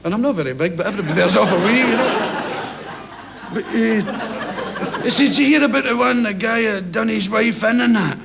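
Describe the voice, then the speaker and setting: A man's voice: high voice, normal speed, creaky, a crowd in the background. A Scottish man telling a joke on a TV chat show and acting out each line of dialogue. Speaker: comedian guest. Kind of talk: comic storytelling on a TV chat show. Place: TV studio before an audience. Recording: noisy 1980s TV studio recording with audience laughter.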